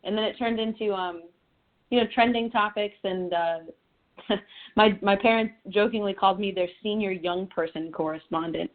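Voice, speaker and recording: Chatty young woman from connecticut on a phone call, laughs a lot, tinny phone sound, mid-pitched voice. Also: normal speed. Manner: chatty, laughs easily, restarts often. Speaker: singer-songwriter guest. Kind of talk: phone interview.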